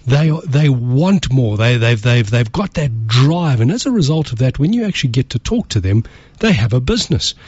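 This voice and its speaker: A man's voice: mid-range voice, expressive, normal speed, darkish tone, slightly rough, no echo, lo-fi sound. A man co-hosting a radio talk show, earnest and motivational, often repeating words as he presses a point. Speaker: radio co-host.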